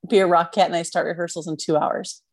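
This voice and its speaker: A woman's voice: lowish voice, fairly even intonation, fast talker, background noise. A woman interviewing a guest in casual chat, reacting with frequent amazed exclamations. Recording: dry close sound.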